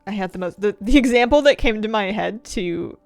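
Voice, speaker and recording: A woman's voice: medium pitch, lively intonation, fairly quick, dry recording, soft background music. A woman chatting casually while streaming a game, rambling through asides and laughing often, close to a desk microphone at home. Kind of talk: casual chat while gaming.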